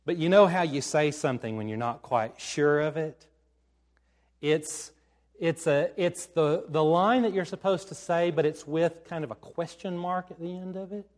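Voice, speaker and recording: A male pastor giving a sermon in an animated storytelling manner, acting out the lines he quotes. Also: a little high, moderate pace.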